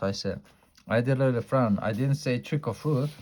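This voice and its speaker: A man reading a children's chapter book aloud in a lively storytelling way, now and then stumbling over a word. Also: medium pitch, normal speed. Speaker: storybook reader.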